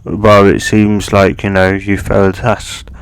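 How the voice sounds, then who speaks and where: Man playing a relaxed ninja sensei, drawling, slow, low gravelly voice. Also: dry recording. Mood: laid-back. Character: laid-back adult male ninja teacher.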